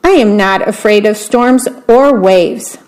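A woman's voice: mid-range voice, slow pace, a little mellow, lightly acted, rough recording. A woman reading aloud as a proud, rule-bound male mosquito ferryman with a bossy manner.

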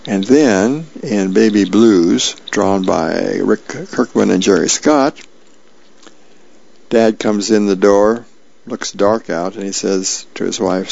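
Low gravelly man reading the paper. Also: slow pace, a little mellow. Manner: casual, with fillers. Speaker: radio reader. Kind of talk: reading newspaper columns and comics aloud. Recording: dull lo-fi sound, dry.

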